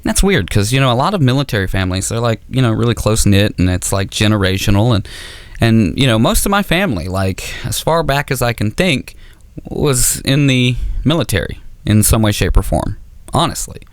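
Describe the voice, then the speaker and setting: This comedian's voice is on the low side, animated, and brisk, with no room sound. Performing a stand-up set on a comedy auditorium stage, he rambles, pokes fun at himself, and stammers through restarts.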